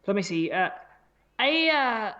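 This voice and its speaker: A man's voice: high-pitched, big pitch swings, takes it slowly, sharp tone, highs cut off. A man co-hosting a podcast, self-deprecating and laughing, swearing freely in casual chat. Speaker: podcast co-host.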